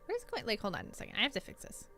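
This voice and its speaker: A woman's voice: a little high, huge pitch swings, rapid-fire, creaky, sharp tone, faint music behind. A young woman streaming a video game, chatting playfully and joking with her viewers. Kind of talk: casual gaming stream chat.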